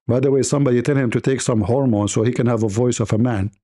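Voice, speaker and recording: A man's voice: mid-range voice, steady tone, quick pace, warm tone. A man hosting a live debate stream, talking in a sarcastic, taunting way. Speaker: debate livestream host. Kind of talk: mocking live-stream monologue.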